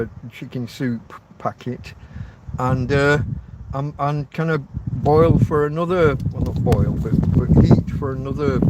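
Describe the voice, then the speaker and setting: A man's voice: medium pitch, distant mic. An older man from England, livestreaming a casual, rambling chat outdoors under an umbrella and swearing casually. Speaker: livestreaming vlogger. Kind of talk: casual live-stream chat. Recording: loud background noise.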